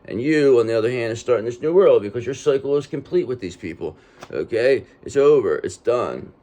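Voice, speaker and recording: A man's voice: mid-range voice, expressive, brisk, warm tone. Man giving a streetwise tarot reading. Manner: street-talking, repetitive, reassuring with frequent "okay?". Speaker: tarot reader. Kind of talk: casual tarot reading monologue.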